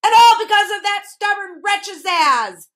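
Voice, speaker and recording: A woman voicing a proud, quick-tempered male math wizard in a storybook reading, with huffy, bellowing outbursts. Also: on the high side, fairly bright tone, natural voice. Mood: furious.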